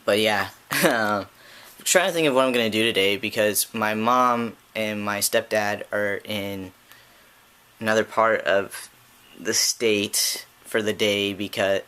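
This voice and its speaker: A man's voice: steady tone, measured pace, bright, forceful tone. A man chatting casually in a home vlog, rambling with lots of ums and restarts, filmed on a handheld camera indoors. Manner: baby talk to his dog in a playful high voice. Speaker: vlogger. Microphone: handheld camera held in one hand.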